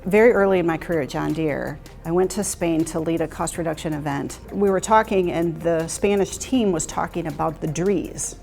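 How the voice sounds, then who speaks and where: Gravelly, candid middle-aged woman. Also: sits low, moderate pace, hardly any pauses. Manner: reflective, candid, with frequent restarts. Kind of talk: interview storytelling. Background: soft music.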